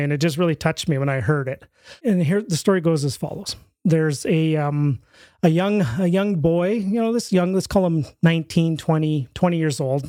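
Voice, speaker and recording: A man's voice: fairly high pitch, no room sound. A man telling a story as a podcast guest in a casual interview, acting out the voices in it. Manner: animated storyteller, acts out quoted voices.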